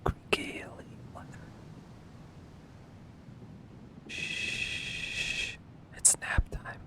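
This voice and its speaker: Whispered role-play, a man doing a teasing ASMR whisperer, breathy parody whisper. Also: drawn-out words, poor audio.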